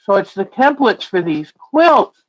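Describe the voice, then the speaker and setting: A woman's voice: medium pitch, big pitch swings, a little slow, low-quality recording. A woman hosting a casual quilting livestream, gushing and exclaiming "oh" as she opens a package. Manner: gushing, exclaims "oh" often, chatty. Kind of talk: casual livestream unboxing chat.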